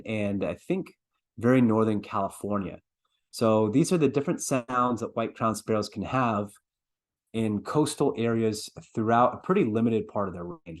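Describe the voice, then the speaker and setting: A man presenting a talk on bird sounds in a conversational, explanatory way, with frequent fillers and restarts. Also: lowish voice. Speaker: birding presenter. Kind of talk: online presentation lecture.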